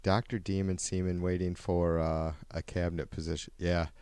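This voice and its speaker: A man's voice: deep voice, flat delivery, normal speed, darkish tone, clear, resonant tone, dry recording. A man hosting a live talk show, chatting bluntly with crude jokes and chuckling asides. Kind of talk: casual live show banter.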